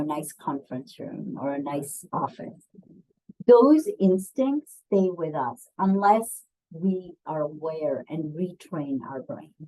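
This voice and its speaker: A woman's voice: lowish voice, darkish tone, poor audio. A woman presenting a webinar on bias, talking in a conversational way with frequent ums and putting questions to her audience. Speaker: diversity and bias trainer.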